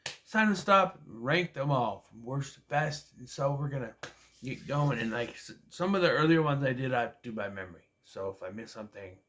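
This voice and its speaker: A man's voice: medium pitch, lively intonation, moderate pace, fairly bright tone. A sleepy man ranking movies in a casual vlog, rambling with lots of fillers and trailing off. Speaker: movie reviewer.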